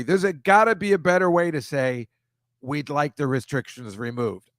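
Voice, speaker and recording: A man with a somewhat high voice hosts a comedy show, ranting in an exasperated, casual way as he comments on pictures. His delivery wanders into quick asides and grumbles. The sound is dry and close. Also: dry recording. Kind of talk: casual monologue over pictures.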